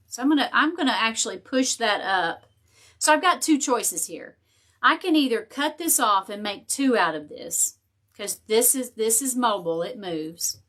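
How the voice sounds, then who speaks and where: A woman's voice: fairly high pitch, a bit bright. A woman hosting a casual live crafting tutorial. She thinks aloud as she works and chats with viewers and her dog.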